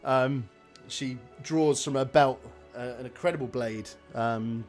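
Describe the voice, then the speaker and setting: A man's voice: medium pitch, unhurried, darkish tone, faint music behind. A man narrating as game master of a tabletop role-playing game, rambling with restarts. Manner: rambling, many fillers and restarts.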